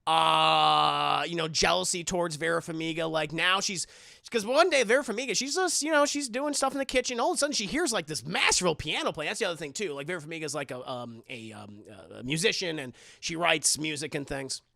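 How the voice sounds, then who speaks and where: A man streaming live who retells a horror film with profane, animated storytelling and acts out the scenes. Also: a little high, brisk, creaky, no echo, clean studio sound. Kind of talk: casual livestream chat.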